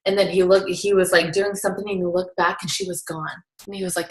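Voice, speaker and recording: Recorded in an echoey room, a young woman chats casually about a seminar she attended, talking fast in a low-leaning voice with little pitch movement. Her manner is chatty, earnest and coaching, and "like" fills much of her speech.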